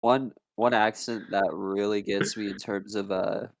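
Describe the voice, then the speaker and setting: A man's voice: lowish voice, fairly even intonation, a little slow, gravelly, dry recording. A young man co-hosting a podcast, telling stories casually and with enthusiasm, calling people dude. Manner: enthusiastic, says dude a lot. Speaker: podcast co-host. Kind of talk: casual storytelling.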